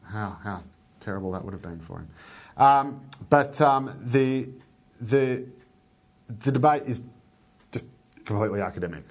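Aussie guy, an editor, blunt and sarcastic, kinda low voice, swears a lot. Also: lively intonation, unhurried, pauses often. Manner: blunt, sardonic, swears freely. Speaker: newspaper opinion editor. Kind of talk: candid interview talk.

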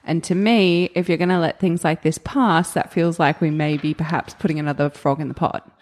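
A woman's voice: sits low, steady tone, a little fast, darkish tone. A woman co-hosting a podcast, asking probing questions and laughing often. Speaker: podcast co-host. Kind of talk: casual chat.

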